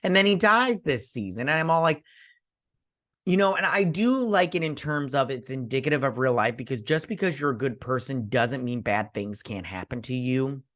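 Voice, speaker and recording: A man's voice: mid-range voice, animated, normal speed, fairly bright tone. A man hosting a casual episode recap and review, rambling with lots of fillers as he paraphrases the characters. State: sleepy, yawning. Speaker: host.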